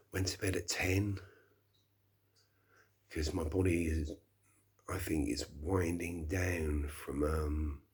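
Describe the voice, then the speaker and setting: A middle-aged man talks through his early-morning podcast in a slow, meandering way, sighing between thoughts. His voice sits very low and comes out husky, with an unhurried drawl as he mulls things over at home. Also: steady tone, a little mellow. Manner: slow, rambling, reflective with sighs. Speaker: podcast host. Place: small flat indoors.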